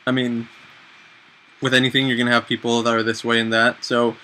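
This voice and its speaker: A man in his twenties giving casual, self-mocking advice in a chatty, animated way on a home vlog. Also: mid-range voice, a little fast, low-quality recording. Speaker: vlogger.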